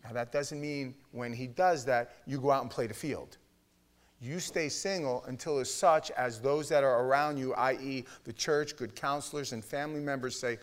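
A middle-aged man preaching a sermon in a Bible study, blunt and emphatic, with his voice swinging from loud to hushed. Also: mid-range voice, steady tone, moderate pace. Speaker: pastor teaching a Bible study.

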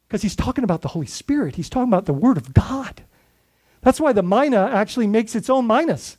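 A man's voice: sits high, animated, a little fast, a little mellow. A man preaching a sermon as lead pastor, speaking conversationally and putting questions to his congregation.

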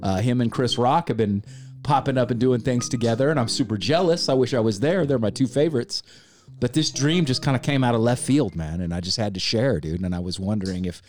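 A man tells a story fairly quickly in a medium-pitched voice during a relaxed podcast conversation. Animated throughout, he performs the quoted lines in character and drops casual swear words.

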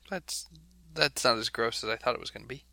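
A man hosting a casual podcast, tossing out playful follow-up questions and laughing along. His voice is bright and forward, recorded very dry and close to the mic. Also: medium pitch, quick pace, gravelly, no room sound. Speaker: podcast host. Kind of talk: casual chat.

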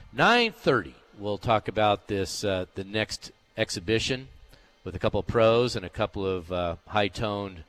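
In a radio studio, a man hosts a golf show on sports radio, his fairly low voice carrying a fairly bright tone. He talks casually and emphatically, rambling with fillers through the chat and live ad reads.

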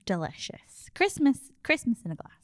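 A woman's voice: on the high side, sing-song, moderate pace, no room sound, clean studio sound. A woman in her thirties or forties, co-hosting a casual podcast chat in a chatty, playful way and laughing often. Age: 30s to mid 40s. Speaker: podcast co-host.

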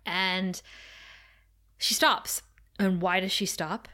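A woman talking casually on a podcast, recapping a TV episode with lively energy. She reads the characters' lines aloud as she goes and breaks into laughs now and then. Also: medium pitch, slow. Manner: animated, retells scenes by reading quotes aloud, laughs often. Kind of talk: casual chat, reading out scene dialogue.

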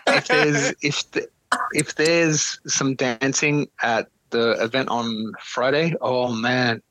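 A man's voice: mid-range voice, steady tone, slow pace, a bit bright, dry recording, poor audio. A man co-hosting a casual podcast, teasing the others playfully. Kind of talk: casual chat.

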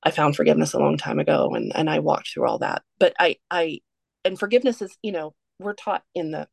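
A woman speaks as a podcast guest, telling a personal story in a candid, earnest way. Her voice sits low, with a gravelly fry on many words. The sound is dry and close. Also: a little fast, dry recording. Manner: candid, earnest, steady through a heavy story.

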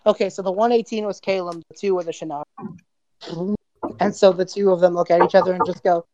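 A woman's voice: fairly low pitch, steady tone, quick pace, dark tone, highs cut off. A woman running a tabletop game, narrating casually with lots of fillers. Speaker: game master.

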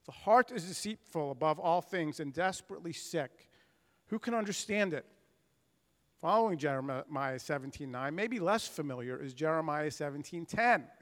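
A man's voice: a little high, animated, moderate pace, a bit bright. A man preaching a sermon with earnest, emphatic delivery, acting out the voices of scripture figures. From United States. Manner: earnest preaching with emphatic swells and dramatized quotes. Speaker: pastor. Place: church sanctuary. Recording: long reverb of a church hall.

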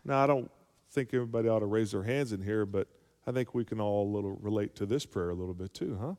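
A man's voice: mid-range voice, brisk, a little mellow. A male pastor preaching a sermon, calling for amens and rising to emphatic peaks. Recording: long hall reverb.

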